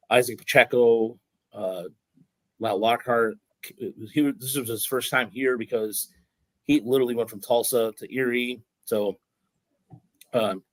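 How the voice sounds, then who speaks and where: Man, sports podcast host, casual rambling chat, frequent restarts, dry close sound, mid pitch. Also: no room sound, poor audio. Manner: rambling, many restarts and fillers, excited storytelling.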